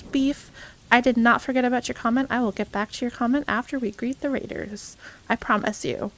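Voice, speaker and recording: A woman's voice: on the high side, fairly even intonation, fairly quick, a bit bright. A young woman streaming live, chatting casually and cheerfully with her viewers, greeting them by name and laughing often. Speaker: variety streamer.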